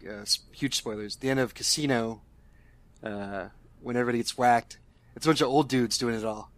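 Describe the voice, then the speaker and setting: A man's voice: mid-range voice, fairly quick, no echo. Man, casual movie podcast co-host, laughing, profane, dry close sound. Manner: laughing, profane, animated storytelling. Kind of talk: casual movie review chat.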